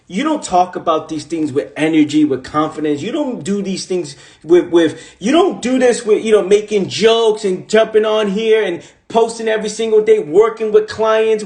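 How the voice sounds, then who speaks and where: A motivational coach from the Bronx, New York, delivers an emphatic, repetitive, slangy monologue on a phone livestream. His voice is high and a little mellow, with reverb.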